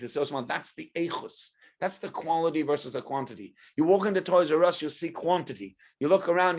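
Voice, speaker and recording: A middle-aged man leads an informal lesson as a rabbi, his voice sitting a touch high. He tells stories with animation and slips into the characters, peppering his talk with Yiddish words. The recording is muffled and lo-fi. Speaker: rabbi giving a class. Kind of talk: informal Torah lesson with storytelling. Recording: dull lo-fi recording.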